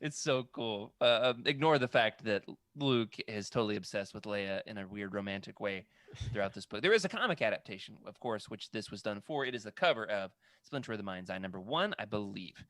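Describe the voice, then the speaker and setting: A man's voice: fairly low pitch, animated, brisk, fairly bright tone, no echo. A man co-hosting a casual chat, rambling and correcting himself as he stumbles over names. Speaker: podcast co-host. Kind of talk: casual chat about comic art books.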